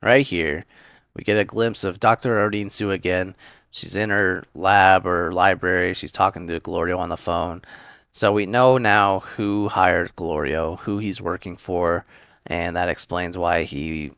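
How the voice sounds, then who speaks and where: A young man casually retelling an anime episode in a rambling, filler-heavy way, slipping into quick voices for the characters. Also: low voice, steady tone, fairly bright tone, clear, resonant tone, dry recording, clean studio sound. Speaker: anime recap host.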